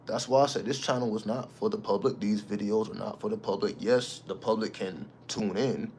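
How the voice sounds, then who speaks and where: A man's voice: on the low side, fairly quick, darkish tone, a little hiss or hum. A man hosting his own channel, talking casually in an emphatic, preachy way and swearing freely. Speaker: channel host. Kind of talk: casual spiritual monologue.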